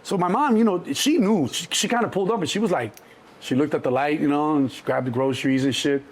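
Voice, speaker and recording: A middle-aged man from Chicago, a guest telling animated street stories, acting out the voices in the quotes and swearing freely. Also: a little high, quick pace. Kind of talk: storytelling interview.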